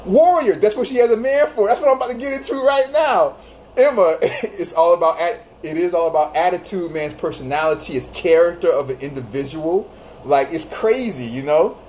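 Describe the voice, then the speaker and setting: A man's voice: fairly high pitch, a little fast, a little mellow, a little hiss or hum. A man hosting a phone livestream, telling a story casually to his chat. He laughs often and repeats phrases for emphasis. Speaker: livestream host.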